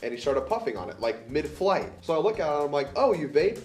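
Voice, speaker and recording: A man's voice: on the high side, big pitch swings, quick pace, faint music behind. Easygoing man in an echoey room. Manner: laid-back storyteller, quoting people in his stories. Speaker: podcast co-host. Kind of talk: casual chat.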